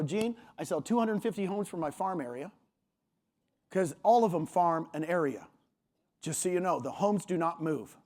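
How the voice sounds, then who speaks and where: High-voiced, emphatic male stage speaker. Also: a little mellow. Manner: punchy and emphatic, often quoting others in a raised voice. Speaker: motivational speaker at a real estate conference. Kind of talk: energetic stage talk. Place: large conference hall.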